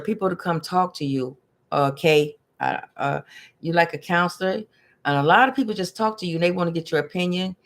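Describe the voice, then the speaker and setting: A chatty tarot and numerology reader talks loosely to viewers during a live-stream reading. They repeat themselves, restart phrases and trip over long words. When a word beats them, they laugh it off at their own expense. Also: mid-range voice.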